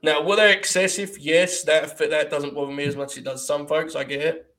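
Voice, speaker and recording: A fairly high-voiced man hosts a loose, casual review podcast. He talks with lively energy, swears freely and breaks into laughter often. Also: a little fast. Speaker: podcast host. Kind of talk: casual wrestling review chat.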